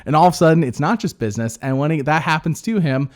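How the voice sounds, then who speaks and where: Talking fast and animated in a fairly high pitch, a man co-hosting a podcast chats loosely. His casual talk wanders, full of filler words and false starts.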